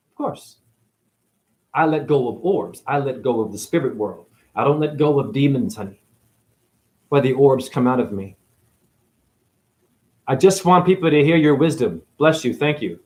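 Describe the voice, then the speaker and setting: A man from New England giving a profane, sarcastic monologue to camera, swinging between loud outbursts and near-whispers. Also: medium pitch, lively intonation, moderate pace, pauses often. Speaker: spiritual video host.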